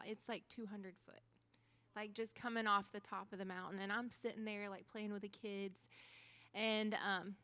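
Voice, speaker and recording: Woman, missionary speaker, bright clear tone, lively storytelling testimony. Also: mid-range voice. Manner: animated storytelling with quoted dialogue. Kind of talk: church testimony.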